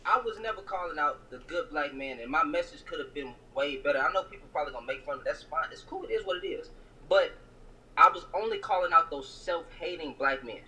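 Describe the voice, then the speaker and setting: A man's voice: fairly high pitch, lively intonation, fast talker, sharp tone, poor audio. A man speaking as a guest on a panel call, earnestly explaining and defending his point. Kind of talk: casual debate on a call.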